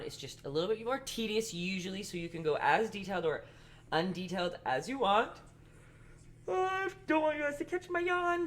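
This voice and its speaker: A woman hosting a casual live-stream painting lesson, chatty and rambling, talking fast. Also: low-pitched, slight background noise. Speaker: art instructor and live-stream host.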